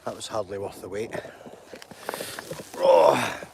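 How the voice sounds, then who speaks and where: A man's voice: fairly low pitch, expressive, slow, creaky, noisy background. A man, hosting a casual live stream and greeting viewers by name in a rambling, chatty way, outdoors in a mountain glen on a phone.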